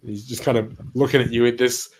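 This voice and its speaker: Male game master, casual, halting narration with frequent laughter. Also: medium pitch, flat delivery, slight background noise.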